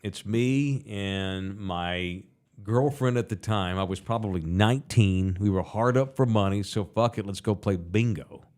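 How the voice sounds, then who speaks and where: Man, forties, podcast host, loud, animated, swears freely, casual chat. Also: fairly low pitch, measured pace. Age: 40s.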